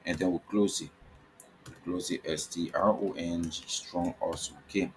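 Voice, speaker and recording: A man's voice: low voice, fairly even intonation, normal speed, slight background noise. A man teaching a coding lesson over his screen. He spells out tag names letter by letter, repeats himself and keeps asking "okay?". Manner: repetitive, checks in with frequent "okay?". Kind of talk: screen-recorded coding tutorial.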